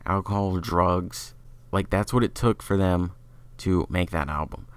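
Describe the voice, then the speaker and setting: A man's voice: low voice, steady tone, a little slow, smooth, dry recording. A man giving a casual, opinionated music review, talking loosely with lots of fillers. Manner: opinionated, chatty, filler-heavy.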